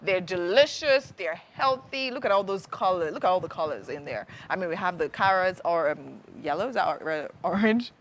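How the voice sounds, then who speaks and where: A woman's voice: fairly low pitch, expressive, moderate pace, hardly any pauses, slight background noise. A Nigerian woman hosting a live TV cooking segment, bubbly and full of enthusiastic praise. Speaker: TV morning show host.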